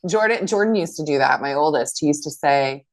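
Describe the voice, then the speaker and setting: A woman's voice: low voice, animated, fairly quick. A middle-aged woman co-hosting a casual podcast, laughing often and acting out quotes as she talks. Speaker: podcast co-host. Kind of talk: casual chat.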